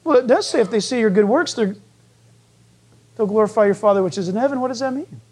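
A male pastor preaching a sermon in an animated, joking way, acting out voices as he goes. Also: sits high, fast, slightly rough.

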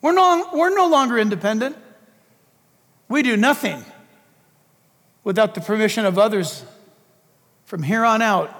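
A man's voice: sits high, animated, measured pace, pauses often, fairly bright tone. A man preaching a fervent political sermon, emphatic and full of rhetorical questions, in a large hall or church.

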